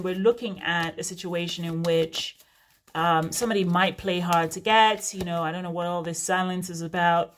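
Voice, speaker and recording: A woman giving a casual, frank tarot reading to her viewers, chatty with many fillers and asides. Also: on the low side. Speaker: tarot reader.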